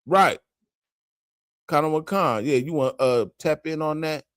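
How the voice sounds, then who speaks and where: A man's voice: on the high side, slow, fairly bright tone, clear, resonant tone, dry recording, studio quality. A man co-hosting a casual religious discussion, reading passages aloud between casual asides. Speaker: co-host reading scripture.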